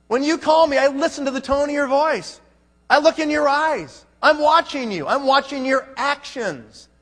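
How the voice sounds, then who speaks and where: At a conference, a man delivers an emphatic motivational talk, firing rhetorical questions at the crowd. His voice is very high and fairly bright, with a long hall reverb around it.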